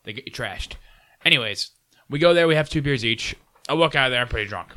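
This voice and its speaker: A man telling a story to friends in casual chat, animated and swearing freely, raising his voice as he acts out drunk strangers. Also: mid-range voice, fast.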